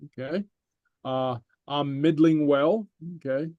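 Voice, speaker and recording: A man teaching a Gaelic class online, reading slowly and patiently with lots of fillers. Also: a little high, dry recording, narrow, tinny audio. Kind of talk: online language lesson.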